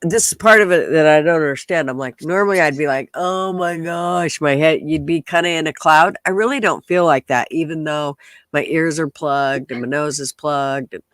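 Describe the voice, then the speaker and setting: Congested guy hosting a chatty stream, nasal and a bit high, swears casually. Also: brisk, fairly bright tone, no echo. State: congested, stuffy nose. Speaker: podcast host. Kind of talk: casual livestream chat.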